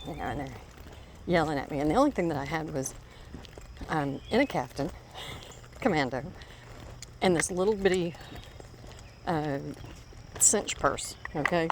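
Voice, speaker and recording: A woman's voice: deep voice, lively intonation, moderate pace, pauses often, slight background noise. A middle-aged woman telling a rambling story on a walk outdoors, breaking off now and then to call her dog. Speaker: vlogger walking her dog.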